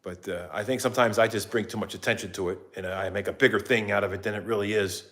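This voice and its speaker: A man's voice: on the low side, quick pace. A middle-aged man, chatting casually and at length on a live stream, rambling and poking fun at himself. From New Jersey. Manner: rambling, self-mocking, jumps into excited put-on voices. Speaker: vlogger doing a live stream.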